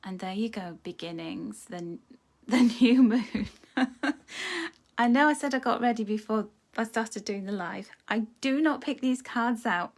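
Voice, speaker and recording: A woman's voice: on the high side, lively intonation, normal speed, hardly any pauses. A woman giving a live oracle card reading in a dim room, talking in an earnest, emotional way that often sinks to a near whisper. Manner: soft, intimate, often dropping to a near whisper. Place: dim room lit by a starlight projector.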